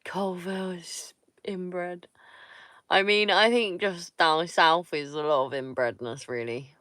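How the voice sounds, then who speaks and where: A woman's voice: fairly low pitch, fairly even intonation, takes it slowly, a bit bright, no echo, studio quality. A woman from Somerset, chatting casually with viewers on a livestream, blunt and teasing and swearing freely. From Somerset, England. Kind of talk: casual live-stream chat with viewers.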